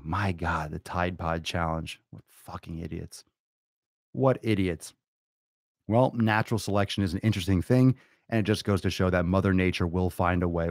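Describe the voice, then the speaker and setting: A man's voice: deep voice, dry recording, studio quality. A man hosting a podcast alone, brash, crude and theatrical, swearing constantly and stretching words out for emphasis. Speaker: podcast host. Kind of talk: profane comedic podcast monologue.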